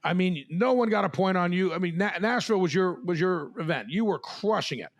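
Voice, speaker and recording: A man hosting a podcast, animated and laughing as he tells a long story among friends. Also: high voice, fairly quick. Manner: animated, swears, laughs while telling stories. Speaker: podcast host. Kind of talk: storytelling in casual chat.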